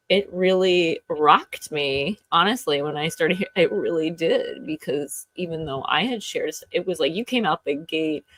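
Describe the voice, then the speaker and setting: A woman's voice: low-pitched, no room sound. Effusive woman gushing on a dry call. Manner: warm, effusive, rambling with restarts. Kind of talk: casual chat.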